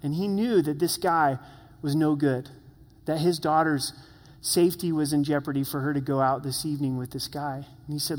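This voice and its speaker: A man's voice: fairly high pitch, fairly even intonation, moderate pace, long reverb tail. A man preaching a sermon as pastor, earnest and conversational, asking the listeners questions.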